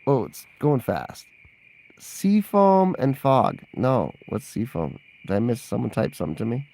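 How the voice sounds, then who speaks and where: A man's voice: mid-range voice, wildly swooping pitch, unhurried, vocal fry, darkish tone. A man in a casual livestream Q&A, rambling and chatty, laughing often and reacting to live chat messages. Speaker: vlogger answering viewer questions.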